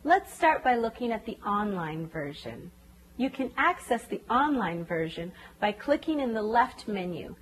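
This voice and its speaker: A woman narrating a scripted tutorial for teachers, clearly explaining step-by-step reading lessons and carefully sounding out phonemes. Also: medium pitch, a little hiss or hum. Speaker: reading teacher demonstrating a website. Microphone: voice-over.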